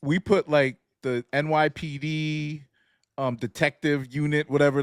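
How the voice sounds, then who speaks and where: A man co-hosts a sneaker podcast, telling stories in a relaxed, casual chat and laughing often. His voice is a little high and a little slow, with studio-quality audio and no room sound.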